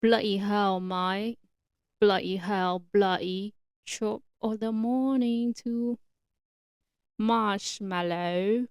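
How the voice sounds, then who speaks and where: A woman's voice: mid-range voice, fairly even intonation, drawn-out words, clear, resonant tone, no room sound, clean studio sound. A woman putting on a jokey, exaggerated mock British accent to play someone cursing. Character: cursing Brit, mock impression, any sex.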